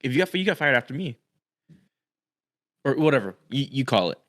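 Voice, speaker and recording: A man's voice: medium pitch, very animated, fairly quick, fairly bright tone. A man in his thirties from Texas, a podcast co-host who teases and laughs easily in casual chat.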